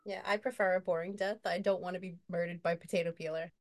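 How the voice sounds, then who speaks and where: Chatty, lower-voiced woman co-host. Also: steady tone, fast. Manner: chatty, jokey, with many fillers like "you know". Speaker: podcast co-host. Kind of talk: casual chat and improvised storytelling.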